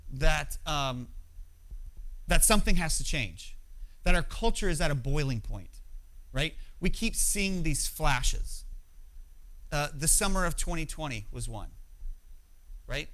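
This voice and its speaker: A pastor in his thirties delivers a conversational, emphatic sermon, often tossing in "right?" to check on his listeners. His voice is a little high with a sharp edge, and the recording quality is poor.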